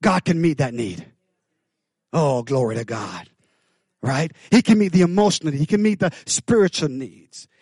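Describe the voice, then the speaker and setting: A man preaching a sermon, with call-outs to the congregation, swinging from hushed lines to loud bursts. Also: on the high side, expressive, normal speed, dry recording. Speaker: pastor.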